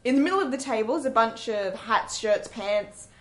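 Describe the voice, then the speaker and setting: A woman's voice: on the high side, lively intonation, moderate pace. A woman co-hosting a community radio show, chatting casually, laughing often and acting out funny quotes. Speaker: radio co-host.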